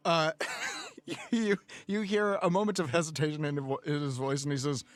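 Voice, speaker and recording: Amused male game master, slightly high. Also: steady tone, normal speed, soft background music. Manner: amused, chuckling narration. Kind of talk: narrating a tabletop game.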